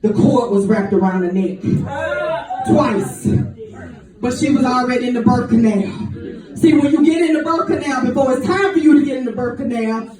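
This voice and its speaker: A woman preaching a fiery sermon in a sing-song cadence, shouting her points while a congregation answers. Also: fairly high pitch, moderate pace. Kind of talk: fiery call-and-response sermon. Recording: echoey church hall, distant mic. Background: church music and responding congregation.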